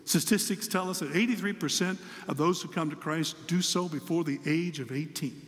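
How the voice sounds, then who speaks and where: A man's voice: on the high side, moderate pace, big-room sound. An older man, a pastor, preaching a sermon and telling a story about his grandson. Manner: storytelling, acts out a child's voice in quotes. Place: church sanctuary.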